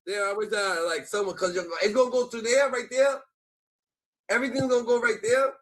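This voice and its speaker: Excitable high-voiced man telling street stories. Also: a little fast, poor audio. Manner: animated storytelling, acting out quoted voices with jumps in pitch; profane street slang. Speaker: host. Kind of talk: casual chat, storytelling.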